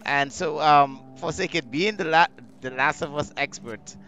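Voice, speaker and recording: A man's voice: on the high side, normal speed, pushed and bright, soft background music. A man hosting a gaming stream, chatting casually and repeating words as he hesitates. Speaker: stream host.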